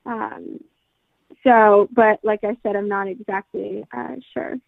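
A woman's voice: medium pitch, fairly even intonation, slow pace, gravelly, no echo. A young woman answering a Christian hotline, hesitant with frequent ums. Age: young adult. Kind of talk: phone conversation. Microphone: phone. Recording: tinny phone line.

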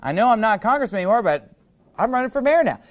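A man's voice: high-pitched, big pitch swings, rapid-fire, pitched above the performer's own voice. Disgraced politician, hollow apology, glib, insincere, a man putting it on.

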